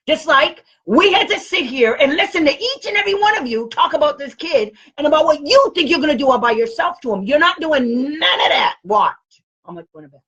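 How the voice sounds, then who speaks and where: A woman giving a blunt, animated training talk to parents as a special education advocate. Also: on the high side, breathy edge. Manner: animated, blunt and combative, with quoted comebacks. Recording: dull lo-fi recording.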